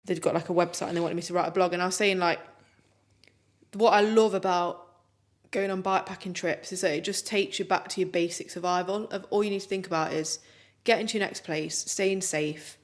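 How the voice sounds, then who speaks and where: A young woman co-hosts a casual podcast, talking in an upbeat, chatty stream full of fillers. Her voice sits on the lower side for a woman. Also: steady tone, fairly quick. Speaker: podcast co-host.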